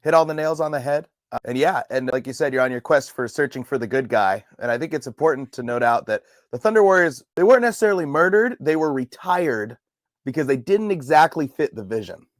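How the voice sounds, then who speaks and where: A man's voice: on the high side, animated, brisk, no room sound. A man co-hosting a casual podcast, explaining history with a dry, wry humor.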